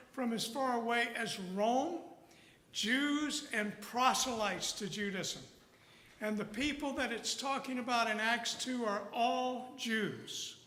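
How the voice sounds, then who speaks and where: A man's voice: very high voice, sharp tone. A man preaching a sermon as a guest preacher, telling a folksy story with rising emphasis. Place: church sanctuary. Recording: echoey church hall with long reverb.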